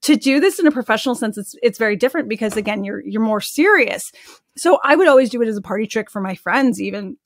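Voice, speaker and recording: A woman with a somewhat high voice tells stories in a lively, conversational way as a podcast guest. She talks in an animated, chatty manner and scatters "like" through her sentences. Her voice sounds dry and close, with no room echo. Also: fast. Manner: chatty and animated, with frequent "like" fillers. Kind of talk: casual storytelling in an interview.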